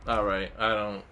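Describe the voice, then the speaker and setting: A man's voice: medium pitch, bright, forceful tone. A young man streaming live, chatting casually and rambling in an exasperated way, full of fillers and restarts, sometimes mock-angry at a viewer.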